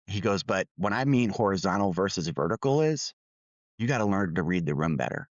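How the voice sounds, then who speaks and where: A man's voice: on the low side, dry recording, muffled recording. A middle-aged man co-hosting a podcast, candidly telling a workplace story with quoted dialogue. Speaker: podcast co-host.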